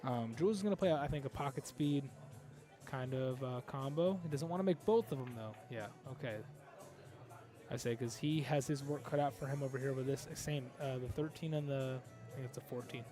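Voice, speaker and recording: A man's voice: mid-range voice, fairly quick, mellow, soft background music. A man giving live play-by-play pool commentary, analytical and thinking aloud with frequent fillers. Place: pool hall.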